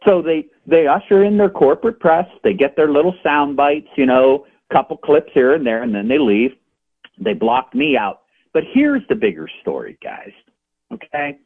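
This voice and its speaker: Husky man on a tinny phone line. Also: fairly high pitch, moderate pace. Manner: animated storytelling, indignant. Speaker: independent journalist guest. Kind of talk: phone-in radio interview. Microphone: telephone.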